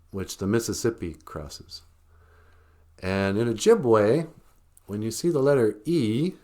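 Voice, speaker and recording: A man's voice: on the low side, darkish tone. A man from Minnesota, hosting a show in a casual joking monologue, rambling and chuckling often. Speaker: show host.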